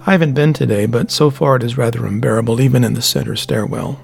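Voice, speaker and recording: A man voicing a friendly, mild-mannered man who speaks gently and softly. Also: medium pitch, quick pace, vocal fry, soft background music. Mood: gentle.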